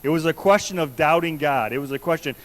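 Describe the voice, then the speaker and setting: A fast-talking preacher with a slightly high, somewhat bright voice gives a conversational sermon in a church sanctuary. He earnestly repeats questions back to the congregation, heard through a rough recording.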